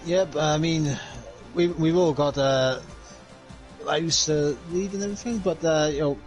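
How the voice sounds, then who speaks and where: A man's voice: a little high, a little slow, darkish tone, soft background music, rough recording. A man co-commentating live on an esports race, hesitant and full of "uh"s. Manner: hesitant, many "uh"s.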